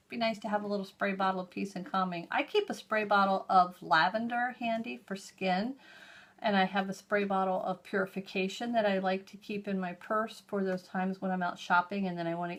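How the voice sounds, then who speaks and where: A middle-aged woman hosting a hands-on how-to demonstration, explaining each step in a chatty, homey way as she works. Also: medium pitch. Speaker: host.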